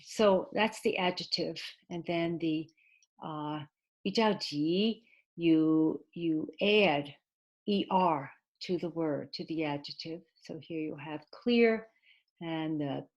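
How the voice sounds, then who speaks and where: A woman teaching an online English class, explaining slowly and patiently with many pauses and fillers, and giving Mandarin glosses for her students. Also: deep voice, darkish tone, muffled recording. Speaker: ESL teacher.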